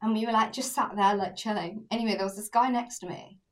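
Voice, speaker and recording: A young woman co-hosting a podcast, telling stories in casual chat with lively swearing. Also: mid-range voice, quick pace, distant mic. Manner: animated storytelling, swears freely. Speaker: podcast co-host.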